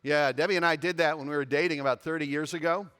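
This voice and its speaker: A man's voice: on the high side, fairly even intonation, fast, fairly bright tone, clean tone, in a large hall. A pastor in his fifties preaching a sermon in a church, emphatic and repeating phrases for stress. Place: church sanctuary.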